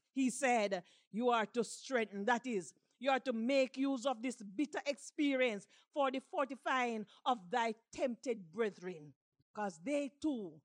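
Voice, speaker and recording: A woman preaching a sermon with passion, repeating lines and rising to shouts. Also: sits high.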